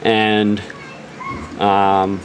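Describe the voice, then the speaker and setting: A man's voice: on the low side, very slow, background noise. A man narrating a tabletop game as game master, joking and often restarting his sentences. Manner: animated, joking, self-interrupting.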